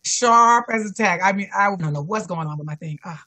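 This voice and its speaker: A woman's voice: medium pitch, brisk, sharp tone, soft background music. A woman guest on a remote call telling an interviewer her personal story earnestly, often repeating encouraging self-talk. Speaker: guest, cancer survivor and fitness instructor. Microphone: remote call connection.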